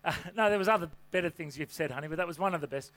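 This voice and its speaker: A man preaching a sermon to a congregation from a church stage, with an energetic, folksy delivery full of rhetorical questions. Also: fairly high pitch, racing. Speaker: pastor.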